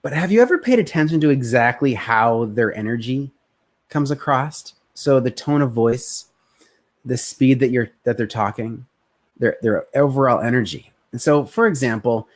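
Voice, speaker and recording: An energetic male sales coach talks straight to a webcam on a live stream. He speaks casually, at a middle pitch, and slips into short impressions of tired customers to make his points. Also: moderate pace. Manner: energetic, conversational, acts out prospects' voices.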